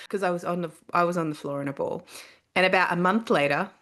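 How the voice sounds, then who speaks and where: A woman's voice: fairly low pitch, quick pace. A middle-aged woman, a podcast guest telling her story candidly and earnestly. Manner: earnest, animated when quoting herself.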